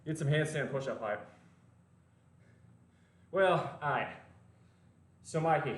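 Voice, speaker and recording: A man's voice: medium pitch, expressive, slow pace, long pauses. A man with a mild Southern US accent chatting casually and profanely while training at the gym. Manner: rambling, profane, joking. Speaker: lifting vlogger. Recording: very echoey room, from far off.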